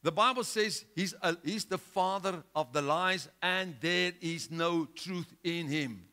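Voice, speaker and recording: A male pastor preaching a sermon, driving his points home with rhetorical questions and swinging between loud outbursts and hushed lines. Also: fairly high pitch, unhurried.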